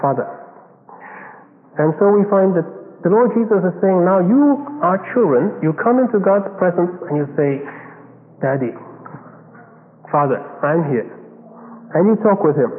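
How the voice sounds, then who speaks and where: A man from China preaching a sermon in an earnest manner, asking rhetorical questions and chuckling now and then. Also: sits high. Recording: phone-like lo-fi recording with long reverb.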